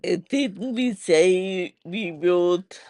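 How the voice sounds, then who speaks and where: A woman's voice: on the low side, extremely slow, darkish tone, dry recording, clean studio sound. A woman co-hosting a casual live stream from her balcony, chiming in with short remarks. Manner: brief interjections. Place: home balcony.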